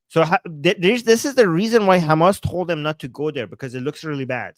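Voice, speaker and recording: A man from Iran, hosting a live-streamed political commentary, reading chat aloud with a sarcastic, animated manner and frequent laughs. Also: a little high, fairly quick, few pauses. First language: Persian. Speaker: political commentator and livestream host.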